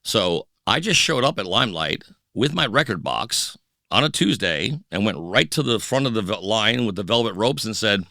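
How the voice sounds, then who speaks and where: Lively, bright-voiced middle-aged man telling stories. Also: lowish voice, moderate pace, vocal fry, dry recording, studio quality. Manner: animated, acts out voices of people in his stories. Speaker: podcast guest, DJ. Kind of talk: casual storytelling interview.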